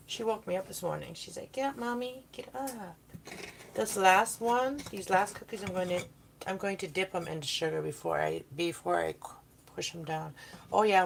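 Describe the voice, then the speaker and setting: A chatty woman rambling through a casual baking livestream in her home kitchen, her voice gravelly with vocal fry. Clear background noise runs under her talk. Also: fairly low pitch, bright, forceful tone. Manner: chatty and rambling, talking to viewers and her kitten. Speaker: livestream host. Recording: noisy background.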